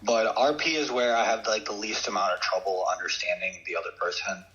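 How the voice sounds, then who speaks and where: A man with a lowish, steady voice co-hosts a podcast, talking casually in a brisk, sharp tone. He sounds hesitant as he works through his thoughts, with lots of fillers and restarts. The audio is lo-fi.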